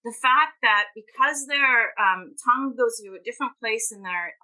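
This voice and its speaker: A woman's voice: a little high, normal speed, bright, forceful tone, low-quality recording. A woman, a guest author and language teacher, talking emphatically and at length in a podcast interview. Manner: passionate, emphatic and talkative.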